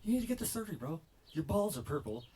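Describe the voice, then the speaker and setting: A man's voice: on the high side, very animated, fast, slightly rough, voice pushed up. A man voicing a blunt, exasperated male doctor who keeps insisting. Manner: loud, insistent bro talk.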